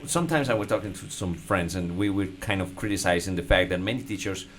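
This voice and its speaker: A man's voice: low voice, quick pace, over a noisy crowd. Hesitant male host. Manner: hesitant, many restarts. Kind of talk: casual interview.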